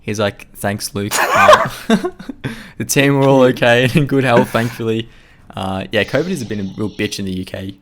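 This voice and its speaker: A man's voice: medium pitch, brisk, a little hiss or hum. A man hosting a casual discussion in a loose, jokey way, full of filler words. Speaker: podcast host.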